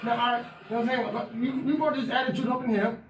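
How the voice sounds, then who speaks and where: A woman's voice: a little high, fairly even intonation, fast, distant mic, dull audio, noisy background, lightly acted. A woman playing a fussy, scolding male rideshare driver who keeps saying hold on. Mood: indignant. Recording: roomy echo from off-mic.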